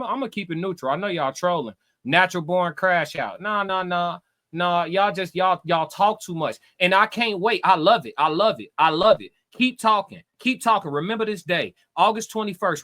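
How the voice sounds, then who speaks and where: Brash, high-voiced trash-talking streamer man. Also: bright, forceful tone. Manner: brash, profane, taunting, repeats himself. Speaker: streamer reading chat. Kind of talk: live reaction stream, trash talk.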